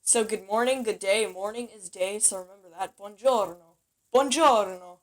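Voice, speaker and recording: A woman talks through a home-made lesson in a loose, playful way. She is chatty, stops to correct herself and keeps things light. Her voice sits at an ordinary middle pitch. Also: fairly even intonation, a little fast. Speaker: language teacher.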